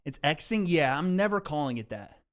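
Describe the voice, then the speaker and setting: A man hosts a laid-back livestream from a home setup, talking straight to his viewers through a desk mic. His voice sits a little high for a man, and his talk is loose and slangy, full of "bro" and "dude.". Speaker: livestream host. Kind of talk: casual livestream chat with viewers. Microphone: desk mic with mixer.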